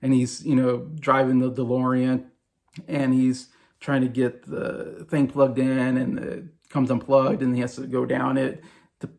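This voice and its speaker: A middle-aged man recalls favorite films in an unscripted, rambling way, full of fillers and restarts. His voice sits at an ordinary pitch with a gravelly, creaky edge. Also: a little mellow. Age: 40s. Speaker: movie vlogger. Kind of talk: casual movie review.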